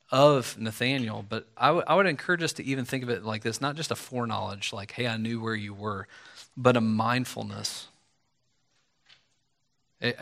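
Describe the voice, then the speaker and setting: A man preaching a sermon in a casual, conversational way, often acting out quoted lines with lively asides. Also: mid-range voice, vocal fry. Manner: conversational, animated, acts out quoted speech.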